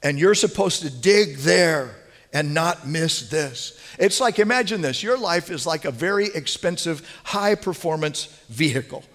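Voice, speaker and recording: A man preaching a sermon as pastor, animated, swinging from hushed asides to near-shouting. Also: a little high, a little slow. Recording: long hall reverb.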